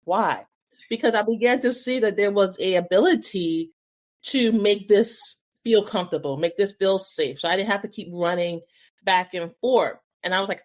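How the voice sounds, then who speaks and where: A woman's voice: medium pitch, normal speed. A woman co-hosting a podcast, talking casually and reflectively, answering her own rhetorical questions. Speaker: podcast co-host. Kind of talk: casual conversational podcast chat.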